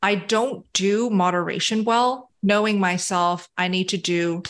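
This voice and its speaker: A woman's voice: mid-range voice, steady tone, unhurried. Effusive woman hosting a video call. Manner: emotional, effusive. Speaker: host. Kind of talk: casual video-call chat.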